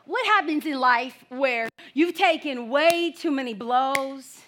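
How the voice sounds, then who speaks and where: A young adult woman from the United States preaching a sermon, telling animated stories with bursts of loud excited shouting. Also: high voice, slow, a little hiss or hum.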